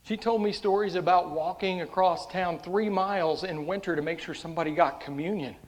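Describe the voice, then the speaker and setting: A pastor with a high voice preaches fairly quickly, speaking directly to his congregation. He shifts between quiet, hushed storytelling and loud, fervent preaching.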